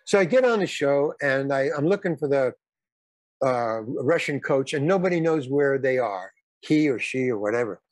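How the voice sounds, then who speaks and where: Expressive and mid-range, this octogenarian actor-comedian's voice moves at a moderate pace with no echo. As a guest, he wanders through casual stories, repeating words, starting over, and dropping some blunt swearing.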